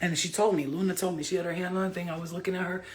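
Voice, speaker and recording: A woman chatting casually into her phone camera for a vlog, excitable and rambling, swearing freely as she goes. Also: lowish voice, rapid-fire. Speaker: vlogger.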